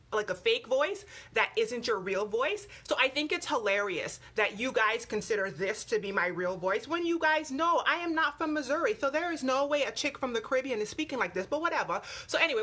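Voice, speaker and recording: Bright-voiced Virgin Islands woman, chatty. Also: a little high. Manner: animated, chatty, addresses viewers directly. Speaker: vlogger. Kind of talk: casual Facebook Live chat. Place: indoors on a home staircase.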